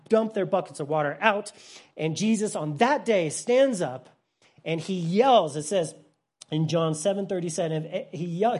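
This is a Bible teacher delivering a sermon at a mid-range pitch. The delivery rises to loud emphasis, then drops to near-hushed softness. Explanations are plain and simple, with frequent restarts.

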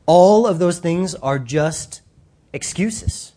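An emphatic preacher gives a lively sermon, speaking straight to the congregation. The delivery is animated and insistent, with bursts of speed and sudden emphasis. The voice sits in a middle pitch range. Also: unhurried.

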